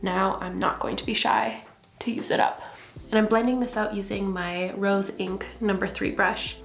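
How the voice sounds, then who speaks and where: Young woman from Canada, relaxed and chatty, mid-pitched, some room echo. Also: moderate pace, creaky. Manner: chatty, relaxed product talk. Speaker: makeup vlogger. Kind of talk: casual makeup tutorial chat. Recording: roomy echo.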